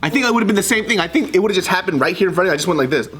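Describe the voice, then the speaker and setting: A man's voice: sits high, a bit bright, slightly rough. A man telling stories in a casual group chat, laughing and swearing often.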